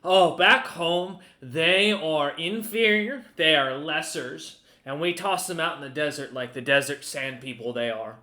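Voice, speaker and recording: A man voicing a drunk, red-cheeked man who talks slowly and loudly while gossiping in a tavern game scene. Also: fairly high pitch, echoey room. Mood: boastful.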